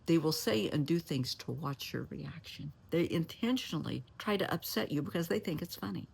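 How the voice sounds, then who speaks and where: A woman's voice: low voice, moderate pace, vocal fry, breathy edge. A middle-aged woman, a therapist, giving plainspoken advice in a folksy way, calling listeners honey and sweetheart, and sometimes dropping to a near whisper for emphasis. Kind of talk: advice talk to camera.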